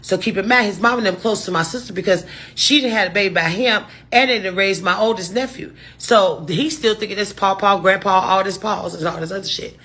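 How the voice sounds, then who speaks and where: A woman's voice: medium pitch, brisk, sharp tone. A woman telling a casual storytime to her viewers, rambling through restarts and asides and swearing freely. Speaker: storytime vlogger.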